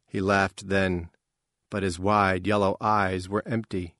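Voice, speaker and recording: A male narrator reads fiction in a measured, even way. His voice is on the low side and unhurried, and it is recorded dry, with no room sound. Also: no room sound. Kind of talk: scripted narration.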